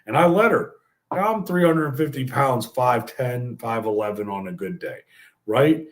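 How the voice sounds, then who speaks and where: A man's voice: medium pitch, normal speed. A man in his thirties from the Bronx with a New York accent, hosting a podcast and telling a crude, joking story. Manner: profane and joking. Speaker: podcast host.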